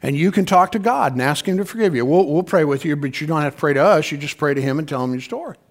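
A man's voice: fairly high pitch, lively intonation, fast talker. A man quoting an older preacher who turns brusque and exasperated when woken at night. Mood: reassuring.

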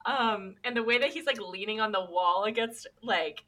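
Bright-voiced wry woman co-host. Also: medium pitch, a little slow, hardly any pauses, soft background music. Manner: relaxed, lots of fillers, wry. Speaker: podcast co-host. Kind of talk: casual chat recapping a cartoon.

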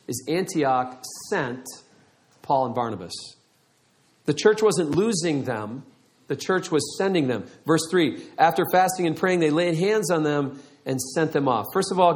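A middle-aged man preaching a sermon, telling a story with lively acted-out quotes. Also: on the high side, normal speed. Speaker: pastor.

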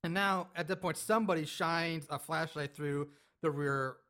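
Bright, high-ish man recapping a film casually. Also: normal speed. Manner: rambling, laughs, acts out lines from the film. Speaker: podcast co-host recapping a movie. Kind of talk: casual chat.

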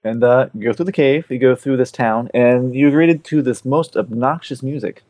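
A man's voice: mid-range voice, darkish tone, dry recording. A man chatting on a podcast, recapping a game in a loose, rambling way with plenty of swearing. His voice sits in the middle range. It is recorded close and dry, with no room sound. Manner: rambling, profane, does quick character voices in quotes. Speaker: podcast co-host. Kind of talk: casual chat, retelling a game's story.

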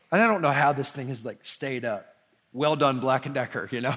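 A young man from the preaching a conversational sermon as pastor, rising in pitch and volume when he drives a point home. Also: lively intonation, normal speed, pushed and bright. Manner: conversational preaching with sudden emphatic rises.

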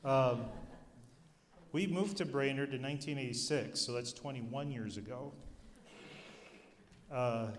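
A man giving a sermon, telling stories with humor in an animated way. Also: medium pitch. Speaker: youth ministry speaker. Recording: long hall reverb.

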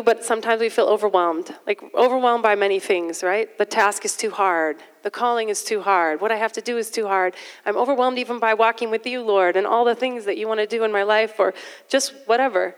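A woman's voice: medium pitch, fairly quick, clean tone. A middle-aged woman preaching a sermon in a conversational way, with self-deprecating asides. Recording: long hall reverb.

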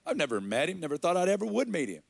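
A man from Arkansas, preaching and telling a personal story in an earnest, halting way. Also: sits high, sing-song, vocal fry, slightly rough, no room sound. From Arkansas, USA. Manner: earnest, slow and halting, with quoted dialogue. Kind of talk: sermon storytelling.

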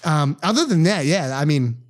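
A man's voice: fairly high pitch, normal speed. A young man, co-hosting a podcast and telling stories in casual chat, acting out the people he quotes and swearing freely. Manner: animated storyteller, acts out quotes, swears freely. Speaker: podcast co-host.

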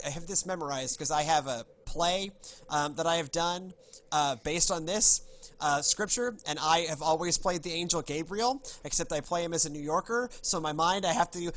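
A man's voice: fairly high pitch, normal speed, a bit bright, a little hiss or hum. A man hosting a casual podcast, chatting loosely with many fillers and reading scripture aloud. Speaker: podcast host.

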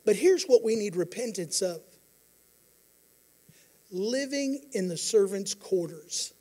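High-voiced man preaching a sermon. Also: expressive, slow pace. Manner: earnest preaching, shifting from quiet to emphatic. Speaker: pastor.

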